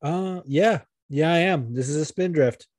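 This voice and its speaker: A man with a fairly high voice, co-hosting a casual podcast chat. He rants with excitable energy and swears often. The sound is dry and close, with no room echo. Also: measured pace. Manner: profane, excitable ranting. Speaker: podcast co-host.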